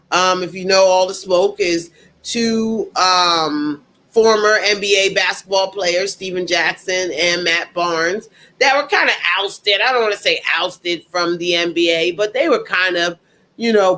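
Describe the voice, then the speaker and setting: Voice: mid-range voice, pushed and bright. An emphatic, indignant commentator talking straight to the audience and repeating points for effect. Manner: speaks directly to the audience. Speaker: political commentator. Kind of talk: opinionated commentary monologue.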